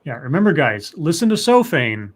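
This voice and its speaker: A male co-host on a live stream talks at normal speed with a fairly high pitch that swings widely. He reads viewer comments aloud and chats casually in a rambling way, restarting often.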